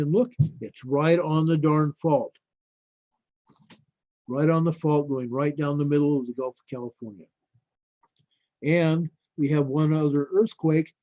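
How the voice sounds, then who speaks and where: Talking very slowly in a somewhat high, mellow voice, a livestream host rambles casually about earthquake maps and addresses his viewers as folks. The recording is dry, close, dull, and lo-fi.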